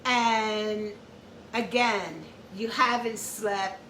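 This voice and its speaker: A woman's voice: medium pitch, steady tone, very slow, a bit bright, slight background noise. A woman hosting an informal educational talk, explaining step by step, repeating her points and checking in with "okay?". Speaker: host. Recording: echoey room, far from the mic.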